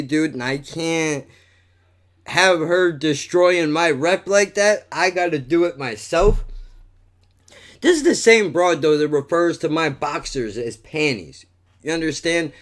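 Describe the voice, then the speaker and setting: Animated, profane male podcast host. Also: on the high side. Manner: animated, profane, says "dude" and "bro" a lot. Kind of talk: casual storytelling monologue.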